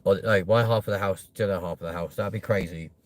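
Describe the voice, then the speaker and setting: Brief: young guy, lowish voice, sweary live-stream host riffing loosely with chat. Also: fairly even intonation, fast. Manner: sweary, jokey, chatty with viewers.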